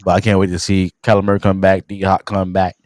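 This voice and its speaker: A man's voice: sits low, completely flat delivery, fast talker, a little mellow, no room sound. A man co-hosting a casual sports podcast, talking in a laid-back, rambling way. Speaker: podcast co-host.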